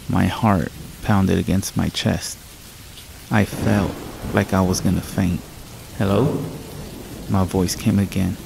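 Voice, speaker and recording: Gravelly low-voiced man narrating horror. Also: a little hiss or hum, rough recording. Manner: calm, measured storytelling. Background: rain and thunder ambience.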